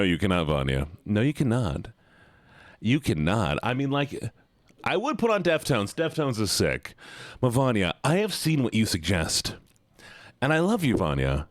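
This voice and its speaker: A man's voice: lowish voice, no room sound, studio quality. A male live streamer chatting playfully with his viewers, pleading and teasing. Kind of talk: casual chat with viewers.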